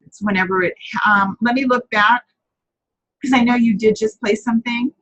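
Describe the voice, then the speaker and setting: A woman's voice: a little high, fairly even intonation, moderate pace, a bit bright, rough recording. A woman hosting a live papercrafting chat, talking casually, answering viewers by name and often correcting herself as she goes.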